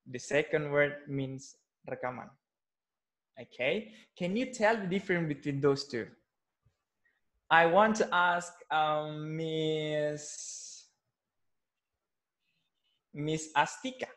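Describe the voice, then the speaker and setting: Over a video call, a man with a fairly high-pitched voice teaches English pronunciation in an online class. He's patient but hesitant, with lots of fillers and restarts.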